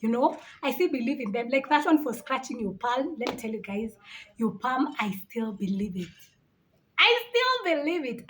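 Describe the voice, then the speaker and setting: A woman in her late twenties telling stories to camera in a casual vlog, animated and quick to laugh in disbelief. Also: sits high. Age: 20s. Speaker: vlogger.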